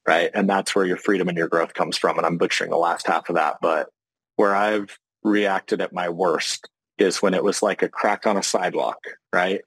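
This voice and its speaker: Brief: male podcast host, lowish voice, reflective, dry sound. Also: fairly even intonation, normal speed, fairly bright tone, husky, no room sound, rough recording. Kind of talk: casual interview talk.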